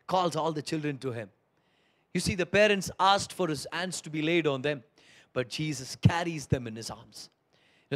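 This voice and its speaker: A man preaching a sermon as pastor, moving between hushed tender pleading and loud emphatic preaching. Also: fairly high pitch, moderate pace.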